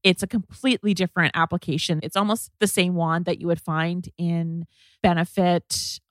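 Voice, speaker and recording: Woman, podcast host, chatty and casual, slightly low voice, dry close recording. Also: steady tone, moderate pace, no echo. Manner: chatty, filler-heavy product talk.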